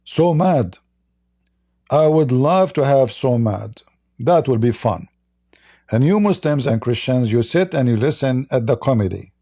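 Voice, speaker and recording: A man hosting a livestream debate, talking casually in a slow, halting, mocking way. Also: mid-range voice, expressive, mellow, no echo, clean studio sound.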